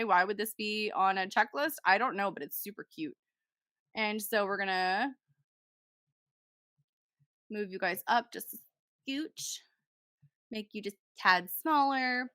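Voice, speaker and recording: Bright, chatty young woman tutorial host. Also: medium pitch, no echo, clean studio sound. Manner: chatty, talks to herself while working, self-deprecating. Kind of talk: casual screen-recorded software tutorial.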